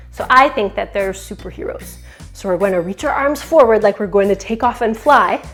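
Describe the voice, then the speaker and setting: A young woman teaching a children's yoga class, encouraging and playful, singing short chants between poses. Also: fairly high pitch. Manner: cheerful, encouraging, sings short chants and makes animal and siren sounds.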